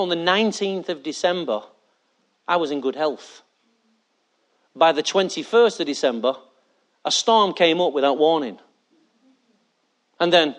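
A male pastor preaching a sermon, emphatic and often asking the congregation for agreement. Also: a little high.

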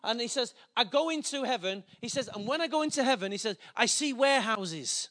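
A man's voice: very high voice, a little fast. A man preaching, telling a story with acted-out dialogue and plain emotion. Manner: animated, acts out dialogue, gets emotional. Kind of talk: sermon storytelling.

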